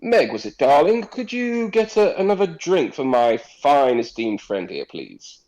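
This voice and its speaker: A man's voice: fairly high pitch, big pitch swings, measured pace, darkish tone, dull audio, pitched above the performer's own voice. A man voicing a pompous, flirtatious nobleman who talks in flowery, overly polite phrases. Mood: smarmy.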